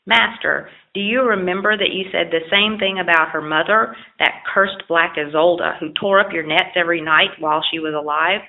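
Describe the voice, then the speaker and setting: A woman's voice: fairly low pitch, moderate pace, hardly any pauses, natural voice. A woman voicing a loyal, blunt male dog in a children's storybook, with yelping barks and bossy warnings. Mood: urgent. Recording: lo-fi phone-like audio.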